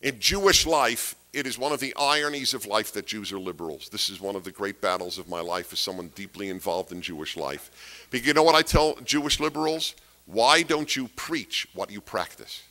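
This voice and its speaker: A man with a fairly low voice delivers a political lecture to an audience, speaking fairly quickly in a pushed, bright way. He is emphatic, repeating key phrases and posing rhetorical questions.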